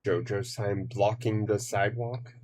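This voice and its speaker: Slow, rambling streamer humming along. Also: female voice, extremely low pitch, fairly even intonation, darkish tone, a little hiss or hum. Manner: rambling, hums to self, many fillers. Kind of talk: casual gameplay commentary.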